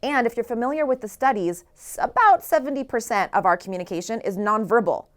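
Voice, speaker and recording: A woman's voice: a little high, quick pace. A woman author giving an earnest motivational talk, asking the listeners rhetorical questions. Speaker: author and speaker.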